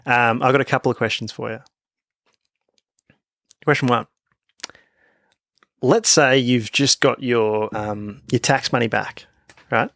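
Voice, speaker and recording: A man's voice: medium pitch, steady tone, gravelly, fairly bright tone, no echo, clean studio sound. A man, co-hosting a podcast, rambling through his questions in casual banter. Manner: rambling, restarts, quick agreement. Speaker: podcast co-host.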